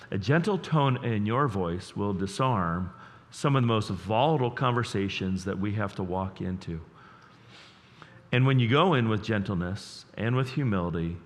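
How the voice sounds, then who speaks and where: A man preaching a sermon as pastor, earnest and emotional, dropping to a hush and then rising loud, repeating words as he builds up. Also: lowish voice. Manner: earnest, emotional, swings between hushed and loud. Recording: long reverb of a large hall.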